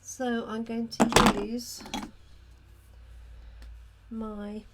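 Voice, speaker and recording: A woman's voice: on the high side, level tone, very slow, heavy background noise. A woman, hosting a live card-making demonstration, chatting with her viewers by name as she works. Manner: chatty, talks to viewers by name and answers their comments. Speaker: craft demonstrator.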